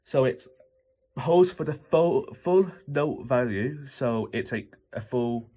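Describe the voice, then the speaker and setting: A man's voice: mid-range voice, lively intonation, slow, warm tone. A young man talking through music notation in a loose, rambling way, with many fillers and self-corrections. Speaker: music theory teacher. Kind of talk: casual informal lesson explaining notation.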